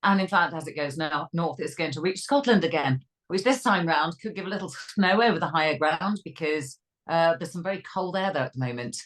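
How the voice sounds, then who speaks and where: A woman co-hosting a weather podcast, chatty and lively with jokey asides. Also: low-pitched, brisk, poor audio. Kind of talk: casual chat.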